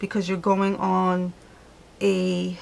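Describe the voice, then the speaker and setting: Woman host doing a casual card reading; slow and gravelly, talks it through out loud and corrects herself. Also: on the low side, completely flat delivery, slight background noise. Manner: chatty, thinks aloud, self-correcting. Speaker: tarot reader. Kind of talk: casual tarot reading to camera.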